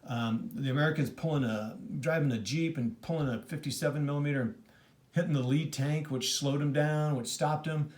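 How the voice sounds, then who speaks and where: A man reviews a board wargame he played, casually thinking aloud, rambling, restarting sentences and using plenty of fillers. His voice is a little high, steady and darkish in tone, and he talks fairly quickly. The room is echoey.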